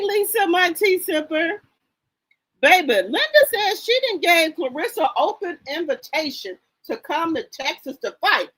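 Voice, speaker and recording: A woman's voice: very high-pitched, lively intonation, unhurried, fairly bright tone, rough recording. A woman hosting a live stream, chatting casually about gossip and greeting viewers by name in a sassy, chatty way. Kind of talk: casual gossip commentary, reading chat aloud.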